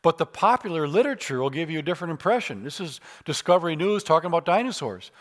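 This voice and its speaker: A man giving a lively church lecture on faith and science, speaking in an emphatic, conversational way with touches of humor. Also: fairly high pitch, fast, hardly any pauses. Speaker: church speaker teaching apologetics.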